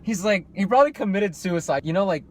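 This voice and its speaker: A man's voice: sits high, lively intonation, fast, slight background noise. A man co-hosting a casual chat, joking crudely, laughing often and acting out quoted voices. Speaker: co-host.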